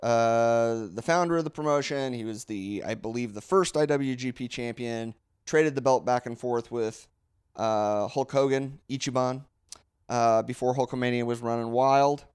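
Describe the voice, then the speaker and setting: A man's voice: mid-range voice, normal speed, darkish tone, clean tone, no room sound, clean studio sound. A man co-hosting a casual podcast, explaining history in a rambling way with many fillers and restarts. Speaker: podcast co-host. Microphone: close podcast mic.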